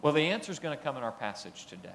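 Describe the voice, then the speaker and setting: A man's voice: on the high side, very animated, racing, creaky, fairly bright tone, slight background noise. A man preaching a sermon in a conversational way, building emphasis on his key points and reading passages aloud. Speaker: pastor.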